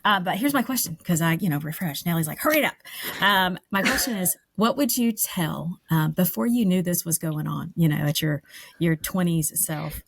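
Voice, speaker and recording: A woman's voice: fairly low pitch, normal speed, vocal fry. A woman co-hosting a podcast who gushes and rambles as she works toward her question. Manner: gushing, rambling. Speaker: podcast co-host. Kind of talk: podcast interview.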